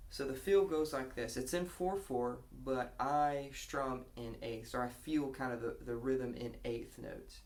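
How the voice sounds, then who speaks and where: A man's voice: medium pitch, a little slow, hardly any pauses, darkish tone. A man giving a casual guitar lesson, explaining a strumming pattern and counting beats aloud. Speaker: guitar teacher.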